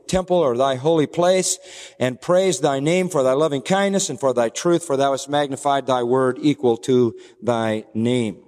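Measured preacher in a reverberant hall. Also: male voice, fairly high pitch. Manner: measured, deliberate delivery with slow emphatic phrases. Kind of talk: sermon.

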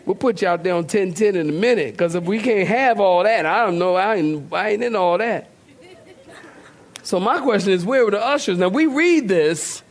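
A man's voice: high-pitched, lively intonation, moderate pace. A male pastor preaching a sermon in a loose, conversational way, joking with the congregation.

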